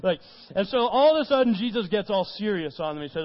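A man's voice: high voice, animated, quick pace. A man preaching a conversational sermon, retelling scripture informally in his own words. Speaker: pastor. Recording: dull recording with long hall reverb.

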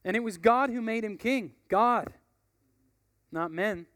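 A man reading the part of a calm, resolute male leader who speaks slowly and firmly. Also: high-pitched, no echo, clean studio sound. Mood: gentle. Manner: slow and gentle, then firmly insistent. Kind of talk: dramatic reading of a book passage.

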